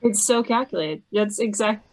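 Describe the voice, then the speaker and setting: A woman's voice: mid-range voice, normal speed. A woman co-hosting a podcast, chatting loosely about politics with frequent giggles. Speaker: podcast co-host. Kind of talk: casual political chat.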